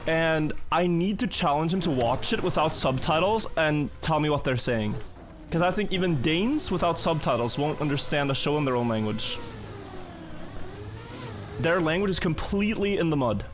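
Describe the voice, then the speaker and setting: A man's voice: fairly high pitch, expressive, normal speed, slight background noise. A young man chatting casually with his viewers during a live game stream, rambling and joking as he thinks aloud. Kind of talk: casual live-stream chat while gaming.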